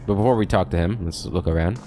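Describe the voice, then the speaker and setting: A deep-voiced man hosting a gameplay video, talking casually and thinking aloud as he goes. He drifts between his own chatter and reading the game's text aloud, easygoing and unhurried. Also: slight background noise. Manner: relaxed, meandering, thinks aloud. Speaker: let's play host.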